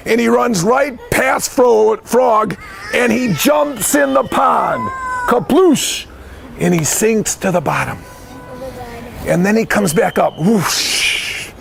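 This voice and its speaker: A high-voiced man with a gravelly rasp tells a picture-book story to children. He narrates with animated bursts of shouting and keeps quizzing his young listeners. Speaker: head of school, storyteller.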